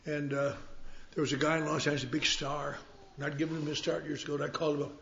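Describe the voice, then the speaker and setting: A man's voice: a little high, level tone, fast talker, gravelly, a bit bright, slight background noise. A man telling his story with wry, self-mocking humor at a recovery meeting. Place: meeting hall. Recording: roomy, dull live recording.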